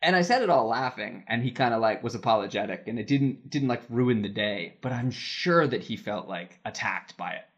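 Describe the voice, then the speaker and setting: A man's voice: mid-range voice, expressive, normal speed, hardly any pauses, a bit bright. Chatty man telling a work story. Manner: chatty, laughs while telling anecdotes, many "like" fillers. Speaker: podcast co-host, voice actor in Japan. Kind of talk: casual podcast chat, storytelling.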